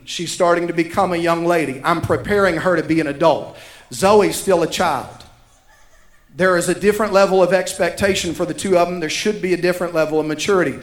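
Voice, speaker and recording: High-voiced pastor preaching. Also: male voice, fairly bright tone, reverberant. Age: 30s. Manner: emphatic, repeats key lines for effect. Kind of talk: sermon.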